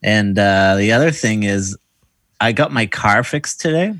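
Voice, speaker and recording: Young guy, kinda low voice, chatty and rambly, dry sound. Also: lively intonation, a little slow, fairly bright tone, no room sound. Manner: rambling, upbeat storytelling with many fillers. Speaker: podcast co-host. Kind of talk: casual chat.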